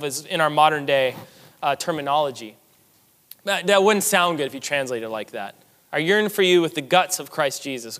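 Male pastor, high voice, earnest emphatic preaching that repeats its key lines, long reverb around him. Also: fairly bright tone. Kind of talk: sermon.

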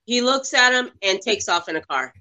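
Bright-voiced woman retelling movie scenes. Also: a little high, moderate pace. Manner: animated retelling of scenes, quoting characters. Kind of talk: casual movie review chat.

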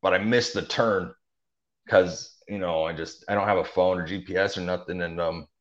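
A man's voice: sits low, steady tone, normal speed. A young man telling his story in a casual, rambling way, full of fillers and restarts. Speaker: interview guest. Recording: dull lo-fi audio.

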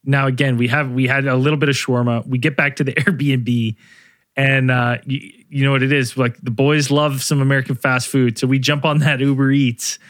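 A man with an ordinary mid-pitched voice narrates a trip in a rambling way, full of "uh" and "like". The recording is close and dry. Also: flat delivery, moderate pace, a bit bright, no echo. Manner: rambling, filler-heavy, laughing. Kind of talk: casual storytelling chat.

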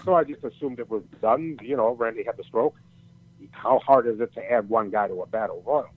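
A man's voice: mid-range voice, brisk. Older man rambling through a story. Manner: rambling, profane, many restarts. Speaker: storyteller guest. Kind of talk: casual storytelling chat. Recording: tinny phone-like audio.

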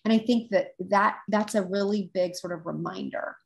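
A woman's voice: medium pitch, steady tone, moderate pace, vocal fry. A woman guest who teaches intuitive development, telling a story in an earnest, reflective casual chat.

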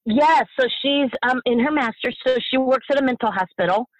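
A middle-aged bereaved mother, a guest in an emotional interview, speaking passionately and haltingly, repeating herself, at times near tears. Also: high voice, dry recording, low-quality recording.

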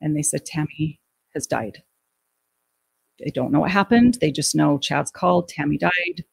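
A middle-aged woman telling an emotional personal story in an interview, halting and restarting her sentences. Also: sits low, vocal fry, husky, low-quality recording. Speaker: guest recounting a family death.

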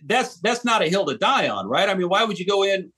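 An American man with a fairly high-pitched voice speaks earnestly as a guest on a podcast, an author and street preacher. He talks with emphatic conviction and often restarts phrases mid-thought. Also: sing-song, brisk, bright, forceful tone, breathy edge. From United States. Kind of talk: podcast interview conversation.

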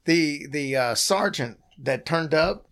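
Male podcast host, hoarse and gravelly, animated storyteller with a bright, swinging delivery. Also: fairly high pitch, takes it slowly. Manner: animated storyteller, restarts sentences. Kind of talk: casual podcast chat.

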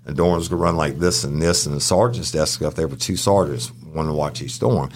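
A man, a podcast co-host and former prison guard, telling profane, animated stories in casual chat. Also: very deep voice, brisk, slight background noise. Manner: profane, animated anecdotes with acted-out quotes. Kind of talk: casual storytelling.

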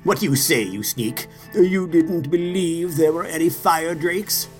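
A blustering old monarch who rages and sputters at his son, voiced by a man. His voice sits on the higher side and his tone is pompous. Faint music plays behind this audio drama. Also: a little slow, lightly acted. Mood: scolding. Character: blustering angry old king, a father.

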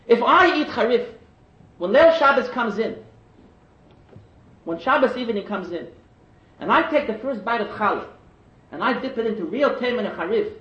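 A man preaching a sermon through stories, animated and climbing to shouted emphasis. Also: high-pitched. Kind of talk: sermon storytelling. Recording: echoey and dull lo-fi.

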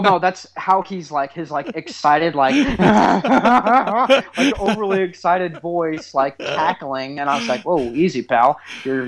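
A man's voice: on the high side, fairly bright tone. A man in his thirties, a podcast co-host telling a funny story in casual chat, teasing his co-host.

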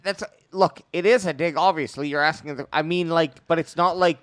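A man's voice: fairly high pitch, steady tone, brisk, dry recording. A young Canadian man co-hosting a podcast, rambling and restarting his sentences in casual chat. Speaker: podcast co-host.

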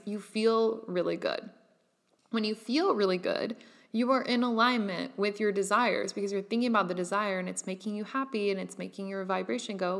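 A young woman talks through her solo podcast in a loose, animated way. Her voice sits in an ordinary middle range. She keeps it casual with filler words and the odd laugh. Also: medium pitch, a little fast, vocal fry. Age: young adult. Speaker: podcast host.

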